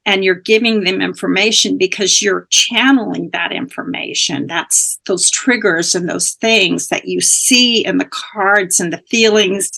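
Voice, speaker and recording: Woman, spiritual teacher, earnest storytelling, gravelly fry, slow and halting. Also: medium pitch, sharp tone. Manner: earnest, unhurried, with small restarts. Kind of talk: personal storytelling in a conversation.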